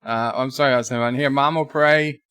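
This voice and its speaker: A man's voice: medium pitch, steady tone, fairly quick, fairly bright tone, clean tone, no room sound. A man hosting a casual live stream, rambling between topics and reading viewer chat aloud.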